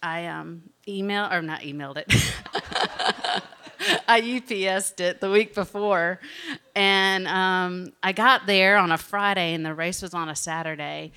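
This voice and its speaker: A woman from Alabama with a Southern accent, telling a personal story in an animated, chatty way. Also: lowish voice, measured pace, smooth. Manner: animated, chatty, often laughing.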